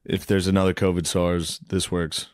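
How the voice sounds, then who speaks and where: A man with a very deep voice rambles in a deadpan, conspiratorial way. The recording is close and dry, with no room sound. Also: moderate pace, no echo. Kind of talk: casual comedic podcast chat.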